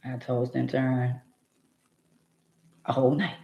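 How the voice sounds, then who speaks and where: A woman's voice: rumbling low, level tone, takes it slowly, gravelly, mellow, reverberant, muffled recording. A woman telling her own life story to her viewers in an emphatic, rambling, casual way.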